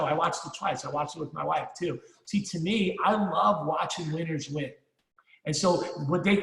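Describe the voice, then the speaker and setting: A man's voice: on the high side, vocal fry, fairly bright tone. A middle-aged man giving a punchy, rallying motivational speech at a sales meeting, swearing casually and repeating himself for emphasis. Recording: echoey hall, long reverb.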